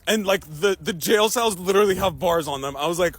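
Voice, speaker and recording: High-voiced young man telling a wild story. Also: a little fast, slightly rough. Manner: animated, swears freely, laughs through the telling. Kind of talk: casual storytime.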